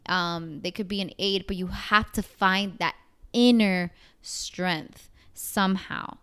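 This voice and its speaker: A woman's voice: mid-range voice, fairly even intonation, takes it slowly, bright, forceful tone, clear, resonant tone. A woman in her twenties co-hosting a casual podcast chat, thinking aloud with fillers and frequent laughs. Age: 20s. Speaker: podcast co-host.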